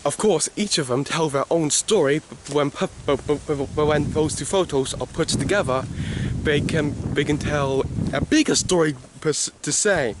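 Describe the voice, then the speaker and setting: Chatty man hosting a game video, higher-pitched voice, rambling delivery. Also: a little hiss or hum. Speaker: gaming video host. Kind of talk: casual game commentary.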